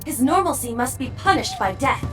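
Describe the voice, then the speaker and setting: A woman's voice: high voice, moderate pace, music in the background. An actress voicing a perky, playful female AI partner in a detective game. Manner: playful, flustered, excitable.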